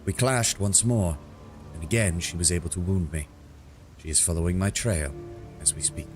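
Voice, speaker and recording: A cold, deceitful male dark elf assassin who speaks in a slow, measured, contemptuous way, as a deep-voiced man reads his lines. The voice is very low and unhurried. A sinister villain from a fantasy video game. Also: faint music behind, close to an everyday voice. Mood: pleading. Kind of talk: reading game dialogue aloud.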